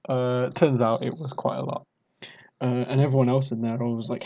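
A man's voice: mid-range voice, steady tone, brisk, dark tone. A young British man casually telling a rambling, self-mocking party story. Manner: rambling, self-mocking, acts out drunk quotes.

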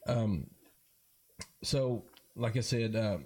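Guy, low mellow voice, lots of uh and um, keeps restarting his sentences. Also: husky. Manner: halting, many fillers and restarts. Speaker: guest, board member of a first-responder charity ride. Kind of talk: casual interview talk.

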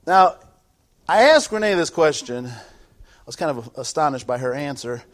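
A man pastor preaching a sermon, swinging from quiet asides to shouted peaks, often restarting his sentences. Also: on the high side, animated, moderate pace.

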